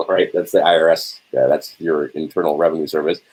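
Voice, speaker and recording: A man's voice: extremely low pitch, flat delivery, moderate pace, darkish tone, husky, poor audio. A man giving an informal lecture, asking and answering his own questions and checking in with "right?" as he goes. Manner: rhetorical, keeps checking in with "right?". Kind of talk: informal lecture to a small audience.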